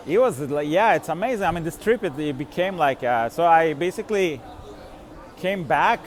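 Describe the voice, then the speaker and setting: A man vlogging as he walks outdoors in a city, talking casually and rambling with many fillers, restarts and frequent laughs. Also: fairly high pitch. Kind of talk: casual walking vlog. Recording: faint street noise.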